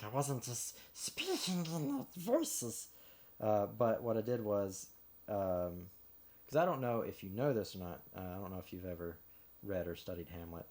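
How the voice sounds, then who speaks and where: A man's voice: on the low side, a little mellow. A man streaming while he builds a model kit, chatting casually in a rambling way with lots of fillers and restarts and the odd chuckle. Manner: chuckles between thoughts.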